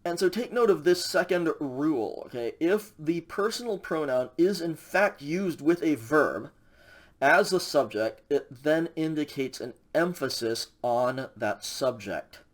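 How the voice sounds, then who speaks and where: A man's voice: on the high side, animated, measured pace. A man teaching a recorded Greek grammar lecture in a casual way, with many fillers and frequent checks with the class. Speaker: Greek instructor.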